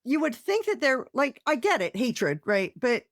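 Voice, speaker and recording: A woman's voice: high voice, very animated, moderate pace, no room sound, studio quality. A woman co-hosting a podcast, chatting casually and reacting with incredulous questions. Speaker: podcast co-host.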